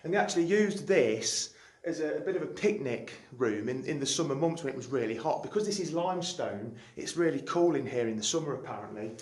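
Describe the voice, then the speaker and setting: Filming a local history walk through woodland trails and caves, this man rambles with curiosity in a high-leaning, animated voice that's a little fast. His tone is darkish and slightly rough, and the recording is dry.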